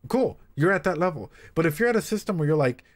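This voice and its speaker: Animated casual male therapist streamer. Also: fairly high pitch, fast talker. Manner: animated, swears, talks straight to viewers. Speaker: therapist reacting to anime on stream. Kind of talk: casual streamed reaction chat.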